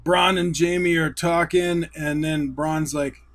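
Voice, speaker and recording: Excitable man recapping a TV episode. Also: fairly high pitch. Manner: excitable, retells scenes in quick paraphrase. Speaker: YouTube show host.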